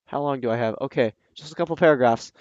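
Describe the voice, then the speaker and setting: A man reading a story aloud and breaking in with sarcastic, scoffing asides, often pausing with ums. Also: mid-range voice, a little mellow, no echo, highs cut off. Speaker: reader and commentator. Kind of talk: reading a fan story aloud with mocking commentary.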